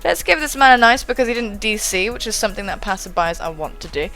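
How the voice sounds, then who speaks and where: A young woman doing excitable live game commentary, thinking aloud and swearing casually. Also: medium pitch, fast, soft background music. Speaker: gaming channel host.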